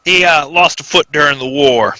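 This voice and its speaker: A man's voice: a little high, moderate pace, sharp tone, dry recording, rough recording. A man playing a tabletop game, talking hesitantly with many restarts. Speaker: player. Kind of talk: casual tabletop play.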